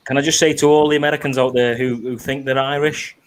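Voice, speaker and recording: A man's voice: medium pitch, quick pace. A man with a Liverpool accent ranting and swearing bluntly in casual chat. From England. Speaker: show regular. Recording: lively crowd noise behind.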